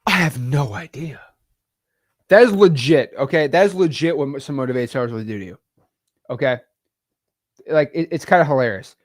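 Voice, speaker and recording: A man's voice: mid-range voice, lively intonation, a little fast, a little mellow, no echo, studio quality. A man hosting a live-stream lesson on real estate deals, talking in a casual, slangy way and acting out calls with sellers. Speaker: real estate wholesaling coach and host. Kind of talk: live-stream teaching session.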